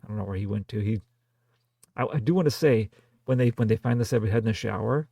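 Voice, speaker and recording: Male podcast co-host, deep gravelly voice, dry close mic, deliberate plot recaps. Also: warm tone, no echo. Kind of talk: casual film review chat.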